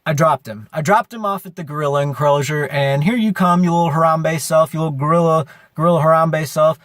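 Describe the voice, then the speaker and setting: A man's voice: on the high side, fairly quick, a bit bright, no echo, clean studio sound. A man in a comic interview, ranting in an exaggerated way that swings from mock-tender to threatening. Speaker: fantasy league player in a comic interview. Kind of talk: mock-angry comic rant.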